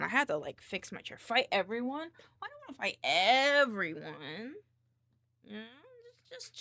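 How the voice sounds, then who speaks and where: Gravelly, chatty woman streamer. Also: mid-range voice, a bit bright, dry recording. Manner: rambling, with many likes and restarts. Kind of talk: casual chat while working.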